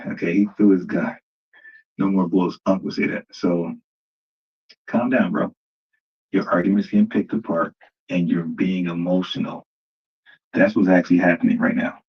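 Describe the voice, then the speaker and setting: Deep husky man hosting a livestream. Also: fairly even intonation, normal speed, pauses often, dull audio. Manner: mocking, talks straight to viewers as "family". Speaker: livestream host reacting to a debate clip. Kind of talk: casual live commentary.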